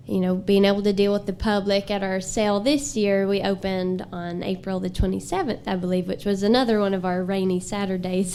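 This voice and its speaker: A woman speaks at a public meeting, her voice gravelly and fried at the edges. She talks haltingly, full of fillers and restarts. Faint noise sits under the recording. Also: mid-range voice, darkish tone. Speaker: horticulture teacher.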